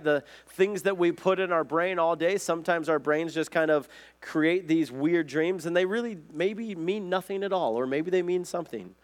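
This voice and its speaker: A man delivers a conversational sermon in a slightly high voice. He speaks earnestly and keeps asking his listeners questions as he goes. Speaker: pastor.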